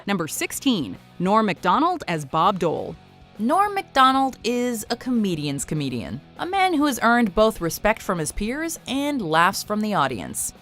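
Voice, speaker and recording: Woman narrator, scripted countdown read, lively pitch, faint music under. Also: measured pace.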